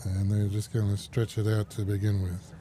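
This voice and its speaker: A man co-hosts lawn bowls coverage, bantering and joking with his partner. His voice sits fairly low. Clear background noise from the outdoor setting runs under his voice. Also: little pitch movement, normal speed, mellow. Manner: jokey, bantering. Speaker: bowls co-commentator. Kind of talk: live sports commentary.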